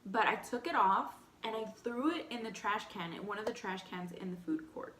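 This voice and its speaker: A young woman with a light Texan accent casually telling a personal story between bites, animated and candid, full of "like". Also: mid-range voice, brisk, reverberant, slight background noise. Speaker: vlogger. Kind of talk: storytime eating show chat.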